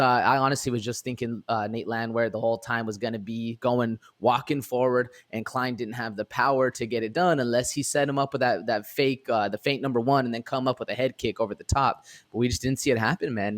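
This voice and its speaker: A young man with a mid-range voice, talking through a fight in a relaxed podcast chat. He rambles a bit, with plenty of "uh" and "man" along the way. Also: medium pitch. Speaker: podcast co-host. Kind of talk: casual fight recap chat.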